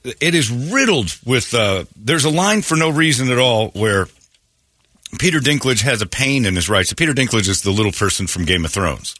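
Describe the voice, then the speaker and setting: Radio morning show guy, bright voice, dry studio mic, rambling story with lots of laughs. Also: medium pitch, normal speed, no echo. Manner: animated storytelling, laughing often. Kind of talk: casual radio banter.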